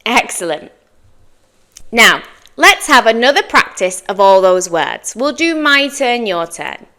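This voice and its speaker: A British woman with a high, bright voice leads a pronunciation lesson. She speaks slowly and lets her pitch rise and fall a lot as she models each word. She praises the listener after every try. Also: very animated. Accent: British English. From Britain. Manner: slow, clear modeling of words with encouraging praise. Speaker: English teacher.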